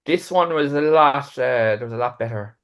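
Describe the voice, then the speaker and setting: A man's voice: mid-range voice, normal speed, fairly bright tone. A man co-hosting a casual film podcast, answering briefly and in a laid-back way. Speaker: podcast co-host.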